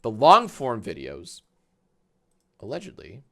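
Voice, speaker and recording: A man's voice: mid-range voice, wildly swooping pitch, slow pace, bright, forceful tone. A man hosting a casual livestream, reacting to videos with sarcastic, profane rants. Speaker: livestream host.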